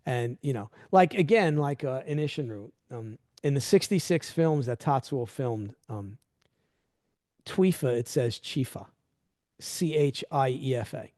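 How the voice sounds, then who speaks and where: A middle-aged man hosting a podcast, chatting casually and telling animated stories that act out quoted dialogue. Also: mid-range voice, unhurried, dry recording, clean studio sound. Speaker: podcast host. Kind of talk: casual interview chat.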